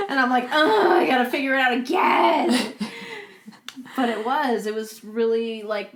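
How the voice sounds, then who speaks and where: A woman's voice: on the high side, a little slow, pauses often. A young woman co-hosting a podcast, telling a story in casual chat and laughing often as she goes. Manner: animated, laughs through her stories. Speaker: podcast co-host.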